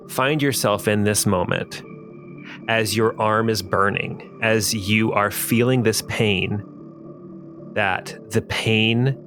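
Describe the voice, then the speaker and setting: A man's voice: on the low side, a bit bright. Man narrating a tabletop game. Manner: fillers and restarts, descriptive narration. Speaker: game master and host.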